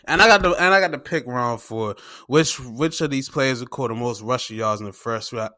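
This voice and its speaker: Male podcast host, casual sports recap, slangy and profane, bright and forceful delivery. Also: a little high. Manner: excitable and slangy, swears freely; retells games by acting out his own reactions.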